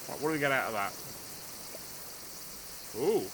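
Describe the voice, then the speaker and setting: A man's voice: medium pitch, lively intonation, normal speed, creaky, noisy background. An older man, chatting casually through a let's play, joking at his own expense. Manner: chatty, self-mocking, dry humour, talks to game characters. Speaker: gaming channel host.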